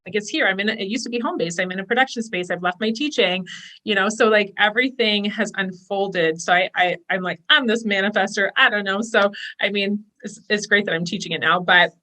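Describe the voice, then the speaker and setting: A woman's voice: medium pitch, brisk, pushed and bright. A woman in her thirties, a business coach, chatting enthusiastically as a podcast guest. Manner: chatty, enthusiastic, quotes her own inner voice. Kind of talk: casual podcast conversation.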